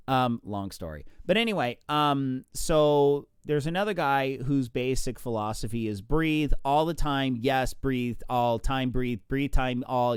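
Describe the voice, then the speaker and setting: A man's voice: medium pitch, clean tone, no room sound, studio quality. Chatty man explaining swim breathing. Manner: chatty, animated, counts out strokes. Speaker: swim coach. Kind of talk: casual instructional talk.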